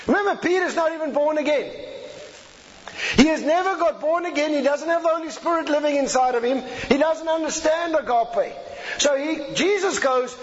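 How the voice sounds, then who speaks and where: A man preaching a teaching sermon and often checking in with his listeners. His voice sits very high for a man. The recording is dull and lo-fi, with a long hall reverb trailing each phrase. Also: animated, moderate pace.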